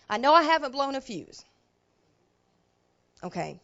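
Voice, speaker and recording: A woman pastor telling a personal story in a sermon, talking in a plain, colloquial way that drops to quiet asides and rises to loud emotional bursts. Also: sits high, big pitch swings, moderate pace, lo-fi sound. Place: church sanctuary.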